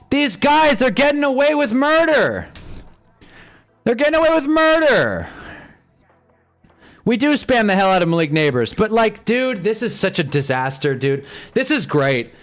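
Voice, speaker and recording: A young man hosting a live stream, reacting to a football game in casual commentary, with swings from low muttering to loud frustrated outbursts. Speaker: live-stream sports fan host.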